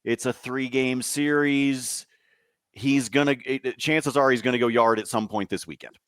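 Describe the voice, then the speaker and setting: A man's voice: medium pitch, fairly even intonation, normal speed, a bit bright, dry recording. A man co-hosting a sports betting podcast, laying out stats in a matter-of-fact way and talking to the folks listening. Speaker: podcast co-host. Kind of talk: casual sports betting talk.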